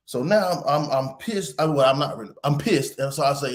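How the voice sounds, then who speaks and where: Rambling, animated man telling a story. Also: a little high, fairly quick, few pauses. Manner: rambling, animated, swears casually. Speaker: podcast host. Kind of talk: casual storytelling.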